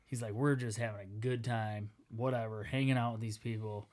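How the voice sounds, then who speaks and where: A man co-hosting a casual podcast, telling a story with lively acted-out quotes and laughing as he talks. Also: fairly low pitch, brisk. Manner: animated storyteller, acts out quotes, laughs while talking. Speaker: podcast co-host.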